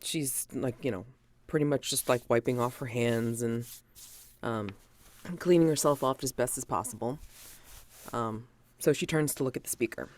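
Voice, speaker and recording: A woman player in a tabletop game, speaking in a calm and measured way. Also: a bass voice.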